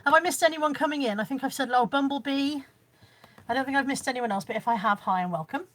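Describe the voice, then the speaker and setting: A woman's voice: sits high, fast talker, a bit bright. A woman chatting casually on a live stream at home, showing her haul and reading out viewer comments. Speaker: vlogger. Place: room at home.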